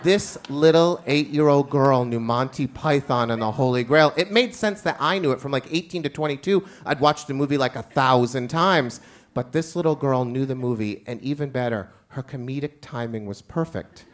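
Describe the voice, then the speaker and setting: A man's voice: medium pitch, moderate pace. A man who is a teacher tells a wry, self-mocking personal story live on stage.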